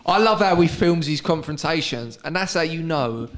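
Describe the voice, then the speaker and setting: A man's voice: on the high side, animated, moderate pace. A man hosting a casual comedy podcast, bantering, laughing and swearing freely. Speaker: podcast host. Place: venue after a live show. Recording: loud crowd behind.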